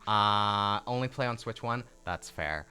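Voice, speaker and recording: A man's voice: on the low side, animated, sharp tone, clean tone. A man chatting casually and teasing his co-host while they stream a video game together. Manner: joking, teasing, quick asides. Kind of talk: casual gaming chat.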